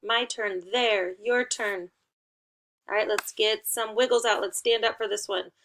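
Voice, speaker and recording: Woman teacher, unhurried delivery, encouraging and instructive with playful prompts for young children. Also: medium pitch, fairly even intonation, fairly bright tone, a little hiss or hum. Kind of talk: remote class lesson for young children.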